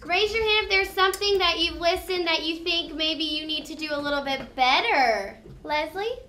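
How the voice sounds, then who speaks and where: Woman, teacher, high voice, clear step-by-step classroom instruction, encouraging. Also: moderate pace, sharp tone, slight background noise. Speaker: elementary school teacher. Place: elementary classroom.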